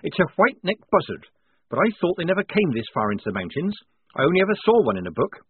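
Man voicing a tense young female soldier, pushed higher, insistent, dry lo-fi sound. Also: big pitch swings, quick pace, breathy edge, no echo, full character voice. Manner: sharp, insistent questioning. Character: stubborn young woman soldier, tired and tense. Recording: narrow phone-like band, dry.

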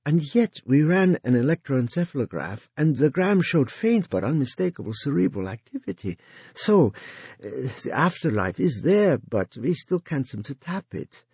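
A man voicing a nervous, mumbling male business owner in an audiobook, higher than his reading voice. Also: big pitch swings, normal speed, a little mellow, husky, dry recording, heavily acted. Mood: anxious. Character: anxious fussy male moratorium owner.

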